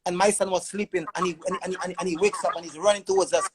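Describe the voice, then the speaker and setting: A man's voice: high-pitched, fairly even intonation, fast talker, a crowd in the background, poor audio. A man telling his own story as a father in an emotional testimony, urgent and repeating words in long stammering runs.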